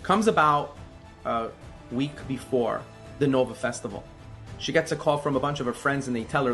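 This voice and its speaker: A man telling a religious story in an animated, emphatic way, with sudden swings in loudness. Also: mid-range voice, fairly quick, faint music behind.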